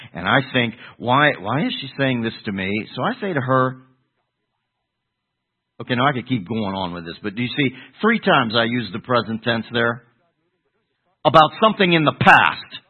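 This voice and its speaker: A man's voice: mid-range voice, very animated, moderate pace, slightly rough, narrow, tinny audio. A middle-aged man preaching an expository sermon, emphatic, often repeating words as he builds a point. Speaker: pastor.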